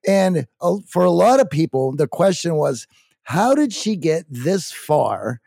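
A man co-hosting a podcast, talking haltingly with many "uh" pauses. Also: a little high, big pitch swings, vocal fry, dark tone, dry recording, clean studio sound. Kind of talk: conversational commentary.

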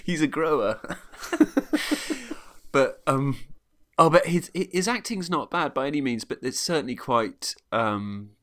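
A man's voice: medium pitch, animated, unhurried, fairly bright tone. A man chatting casually as a podcast co-host, rambling with frequent laughs and restarts. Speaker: podcast co-host reviewing a film. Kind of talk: casual chat.

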